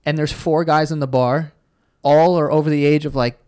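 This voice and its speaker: A man's voice: on the high side, moderate pace, clear, resonant tone. A young man co-hosting a casual sports podcast, telling stories loosely with plenty of swearing. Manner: loose, swearing, animated storytelling. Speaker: podcast co-host.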